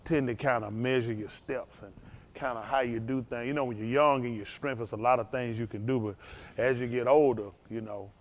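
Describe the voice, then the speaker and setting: An older man preaches in a loose, folksy way. He rambles from one story to the next, turning animated as he goes. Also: mid-range voice, fairly quick. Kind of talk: informal sermon.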